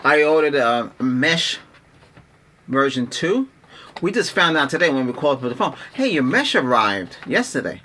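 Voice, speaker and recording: A middle-aged man vents about tech in a loose, rambling vlog voice that is bright and forceful. He keeps restarting his sentences and sounds exasperated. A faint hiss sits under the recording. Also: mid-range voice, big pitch swings, moderate pace. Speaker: tech vlogger. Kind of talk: casual ranting vlog.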